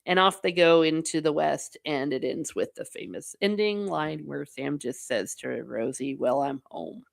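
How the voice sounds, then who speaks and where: A woman's voice: low voice, gravelly. A middle-aged woman hosting a casual livestream, chatting wryly about films and reading viewer comments aloud with playful exasperation. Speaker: host reading live chat.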